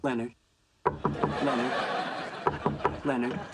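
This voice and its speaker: A man's voice: mid-range voice, little pitch movement, slow, heavy background noise, close to an everyday voice. A man doing a pedantic, oblivious young physicist, precise and lecturing, in a sitcom with heavy laugh track. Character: pedantic, fussy, self-absorbed young male physicist. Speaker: theoretical physicist character. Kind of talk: sitcom acting. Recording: sitcom with loud audience laughter.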